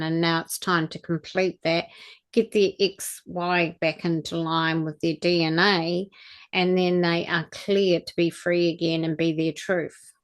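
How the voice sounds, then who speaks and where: A middle-aged woman speaks in a slightly low voice. She leads an earnest spiritual talk and guided activation as a channeller. She rambles and restarts her thoughts mid-sentence.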